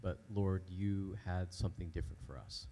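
Deep gravelly man praying haltingly. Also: dark tone. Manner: halting, many ums and uhs. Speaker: church member leading prayer. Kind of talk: spoken prayer. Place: church sanctuary.

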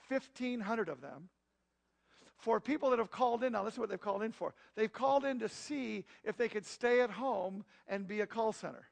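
A middle-aged man preaching, telling a story in a lively, conversational way with asides to his congregation. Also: high voice, vocal fry. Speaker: pastor. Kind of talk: storytelling sermon.

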